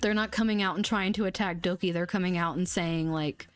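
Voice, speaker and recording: A woman's voice: on the low side, fairly even intonation, brisk, smooth, faint music behind. A young woman hosting an astrology livestream, chatting bluntly and casually, swearing now and then. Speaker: astrology channel host.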